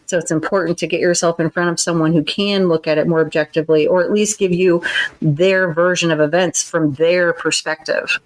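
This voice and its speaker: Lower-voiced woman explaining earnestly. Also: steady tone, fairly quick, low-quality recording. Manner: earnest, explanatory, acts out tones of voice in examples. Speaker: podcast co-host. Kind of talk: casual advice chat.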